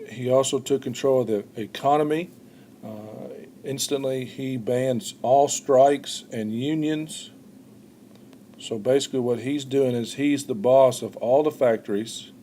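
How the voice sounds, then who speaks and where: A man teaching a history lesson in an explaining tone, often pausing with "uh" and repeating words as he goes. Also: mid-range voice, dark tone, slight background noise. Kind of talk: recorded classroom lecture.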